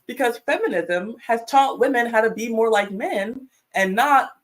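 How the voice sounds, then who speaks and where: A woman speaking as a panel guest in casual chat, talkative and lively. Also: on the high side, moderate pace. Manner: chatty, acts out quotes, laughs.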